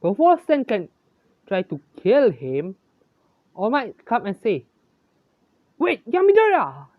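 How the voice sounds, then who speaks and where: A storyteller reading a homemade fan story aloud, halting, with frequent restarts and self-corrections, in a lo-fi, dry recording. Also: mid-range voice, very animated, dry recording. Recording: dull, lo-fi, dry.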